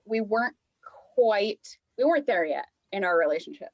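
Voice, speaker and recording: A woman guest on a podcast, chatting casually and telling an animated story full of fillers and acted-out quotes. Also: mid-range voice, moderate pace, no echo, dull audio. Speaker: podcast guest, lifestyle coach. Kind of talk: casual chat.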